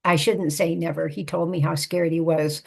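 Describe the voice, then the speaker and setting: An older woman, a psychotherapist and author, telling a personal family story in a measured, reflective way. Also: low-pitched, fairly even intonation, creaky, darkish tone.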